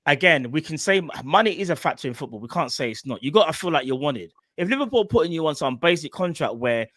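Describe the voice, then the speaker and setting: Young man, casual football chat, very animated, dry close sound. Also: fairly high pitch, quick pace, no echo. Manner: animated, slangy, jokey. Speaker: football podcast co-host.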